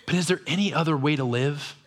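A man with a fairly high voice delivers a sermon as pastor of his church. He talks in a lively, conversational way and asks his listeners one rhetorical question after another. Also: fast, slight background noise.

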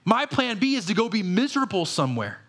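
A preacher puts on a blunt, loyal apostle, talking like a plain fellow who's fed up and has nowhere else to go. His voice sits high, brighter and lifted above a normal speaking pitch, with a folksy, exasperated bluntness. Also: very animated, quick pace, exaggerated voice. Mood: earnest.

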